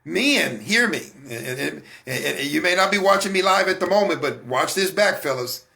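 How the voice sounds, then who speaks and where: A man with a high, bright voice and a gravelly edge talks casually to his listeners. He fires rhetorical questions at them and often stumbles over repeated words before pressing on. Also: lively intonation, normal speed. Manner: conversational, asks the audience rhetorical questions. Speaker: host of a faith talk broadcast. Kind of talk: casual spoken monologue.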